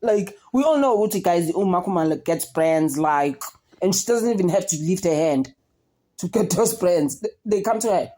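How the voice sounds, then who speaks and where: A young South African woman talks through a reality show in a loose, gossipy way, often turning to her viewers. Her voice sits low and has a dark, mellow tone. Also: moderate pace. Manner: chatty, code-switching, animated gossip with frequent "guys" and laughs. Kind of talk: casual chat.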